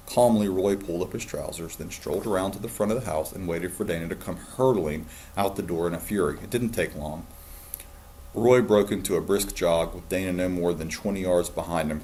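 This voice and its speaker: A man, a teacher, calmly reading a novel aloud to his students. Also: low voice, slight background noise. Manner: calm, steady storytelling.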